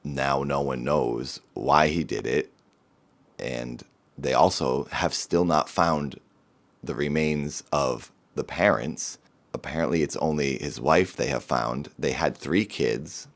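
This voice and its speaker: Male vlogger, very deep voice, earnest and somber, rambling talk to camera. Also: slow, gravelly.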